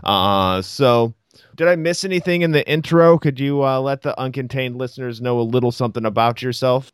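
A man's voice: mid-range voice, brisk, smooth, no room sound, clean studio sound. A man hosting a podcast, reading an upbeat intro and chatting with his guest. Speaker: podcast host. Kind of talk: podcast intro and interview questions.

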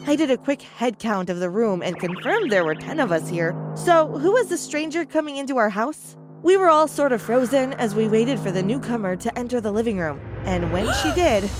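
A woman narrating an animated first-person story in a dramatic, exclamatory way. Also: medium pitch. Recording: narration over background music.

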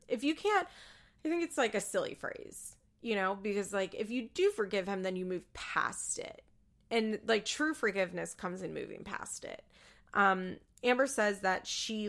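A woman's voice: medium pitch, gravelly, a bit bright. A woman giving an opinionated, casual recap of a reality show, acting out what the people said. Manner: chatty, opinionated, acts out quotes. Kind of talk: casual commentary.

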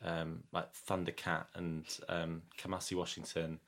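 A man's voice: sits low, monotone, measured pace, creaky, background noise. A man in casual chat, enthusiastic and stumbling over his words.

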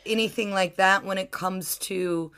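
A woman hosts a podcast in a loose, chatty way, winding through her questions with plenty of fillers. Her voice sits at an ordinary middle pitch. She keeps the tone casual and conversational. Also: fairly even intonation, a little slow, fairly bright tone, clean tone. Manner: chatty, rambling, full of fillers, laughing. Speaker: podcast host.

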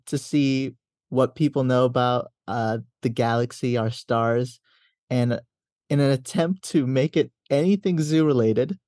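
A woman player in a tabletop role-play who talks in an easygoing way. Her voice is low and mellow, recorded close and dry. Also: dry recording.

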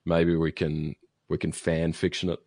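A man's voice: deep voice, completely flat delivery, normal speed, darkish tone, dry recording, clean studio sound. A man co-hosting a podcast, chatting casually and reading out a listener's email, with many ums and restarts. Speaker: podcast co-host.

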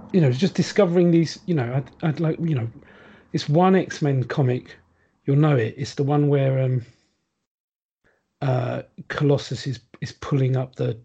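A man's voice: mid-range voice, gravelly, mellow, husky, muffled recording. A man chatting casually on a podcast, rambling with lots of ums and restarts. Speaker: podcast guest. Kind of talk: casual chat.

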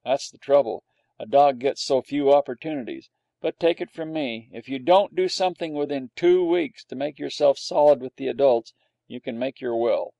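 A man's voice: mid-range voice, moderate pace, creaky, mellow, no echo, dull audio, close to an everyday voice. Man doing Jack, a brash streetwise terrier dog. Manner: brash, chummy, knowing. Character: young male boy-doted terrier, streetwise and blunt.

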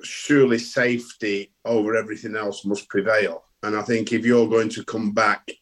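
A man with a low, flat voice, firmly and earnestly making his case on sports radio. He holds his pitch steady throughout. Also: moderate pace. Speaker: radio panellist.

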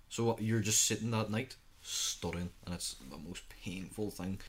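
A thirteen-year-old boy co-hosts a youth podcast, chatting casually and acting out his own reactions while telling stories. His male voice is fairly low and steady, brisk, with few pauses.

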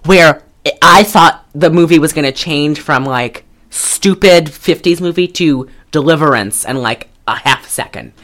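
A woman's voice: sits low, measured pace, fairly bright tone. A woman co-hosting a podcast, recapping a movie in casual chat, rambling and giggling with lots of fillers. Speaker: podcast co-host.

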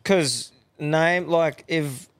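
A man's voice: a little high, very slow, clear, resonant tone, no echo, clean studio sound. A young Australian man co-hosting a casual podcast chat, swearing freely and laughing through his stories. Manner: swearing, yarn-spinning, laughs often. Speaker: podcast co-host.

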